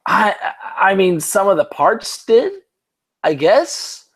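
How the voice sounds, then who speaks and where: A man's voice: high-pitched, big pitch swings, slow pace, a bit bright, husky. A man co-hosting a casual sports podcast, rambling and swearing with many restarts, a bit tipsy from drinking. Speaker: podcast co-host.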